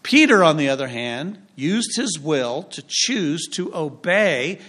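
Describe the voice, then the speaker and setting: A man preaching a sermon in a voice that sits a touch higher than most men's. He speaks with emphasis, his delivery swelling and falling with deliberate pauses between phrases. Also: fairly bright tone. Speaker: pastor.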